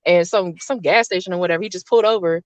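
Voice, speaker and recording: A woman hosting a casual chat, telling a long personal story in an animated way and laughing often. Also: on the low side, fast talker, dry recording. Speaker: host. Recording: dull dry lo-fi sound.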